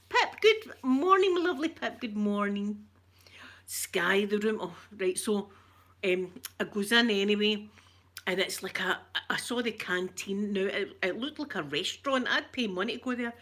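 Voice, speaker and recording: A woman's voice: medium pitch, moderate pace, a bit bright. A Scottish woman telling a rambling, emotional story in casual chat and greeting viewers as she goes. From Scotland. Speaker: vlogger talking to viewers.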